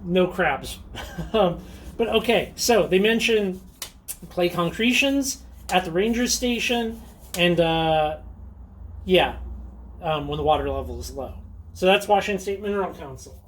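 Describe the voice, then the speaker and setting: A man's voice: sits high, lively intonation, a little slow, pauses often, a little hiss or hum. Chatty, enthusiastic man hosting a vlog. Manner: chatty and enthusiastic, with frequent ums and little laughs. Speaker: rockhounding channel host. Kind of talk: casual show-and-tell vlog.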